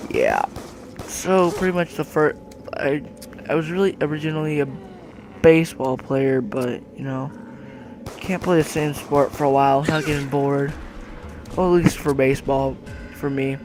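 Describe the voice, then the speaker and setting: A man's voice: fairly high pitch, animated, moderate pace, long pauses, a little mellow, soft background music. A male speaker casually telling a story about starting a sport, with joking, offhand asides.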